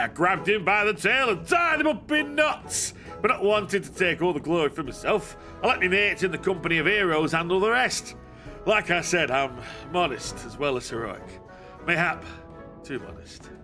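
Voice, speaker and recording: A self-proclaimed heroic male adventurer, put on by a man reading game dialogue, brags in a thick, folksy dialect. The voice is pushed up high, bright and animated. His pitch swings wildly as he boasts. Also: exaggerated voice. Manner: blustering, dialect-heavy bragging. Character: boastful gruff male hero, swaggering braggart.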